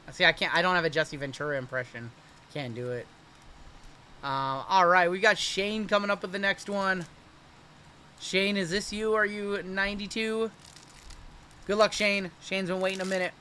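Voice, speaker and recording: A man hosts a live card break, chatting casually and reacting upbeat and quick as each pack opens. His bright, forceful voice sits a touch high, with faint ambient noise underneath.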